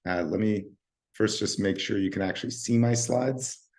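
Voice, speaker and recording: A middle-aged man with a slightly scratchy, hoarse voice, giving a relaxed live-stream talk over a video call with ums and restarts. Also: lowish voice, normal speed. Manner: relaxed, talks with fillers and restarts. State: hoarse from voice overuse. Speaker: guest speaker, nonprofit founder.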